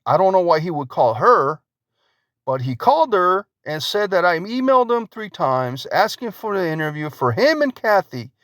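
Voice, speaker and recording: A man's voice: high-pitched, big pitch swings, moderate pace, fairly bright tone, no room sound, clean studio sound. A man hosting his own channel, ranting indignantly in a vlog and firing off repeated rhetorical questions while reading out screenshots. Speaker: YouTube channel host.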